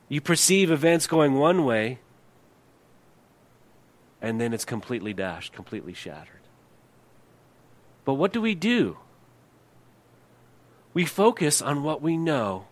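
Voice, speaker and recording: Middle-aged man preaching with hushed emphasis. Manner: preaching with rhetorical questions, dropping to a hushed, low voice for emphasis. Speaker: pastor. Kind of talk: sermon.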